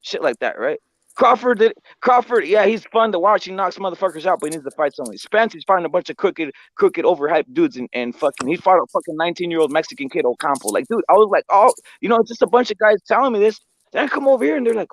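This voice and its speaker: A man in casual chat on a livestream, ranting in an animated, profane way. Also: high-pitched, quick pace, no echo.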